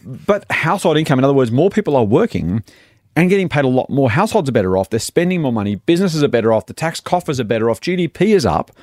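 Animated fast-talking Australian man. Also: mid-range voice, no echo, clean studio sound. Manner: animated, exasperated about complainers. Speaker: finance podcast host. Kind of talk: casual chat.

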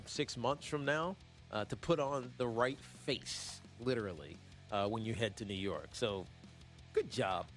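A man hosting a sports talk show, rambling and joking in a casual, animated way with lots of fillers. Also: medium pitch. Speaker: sports radio host.

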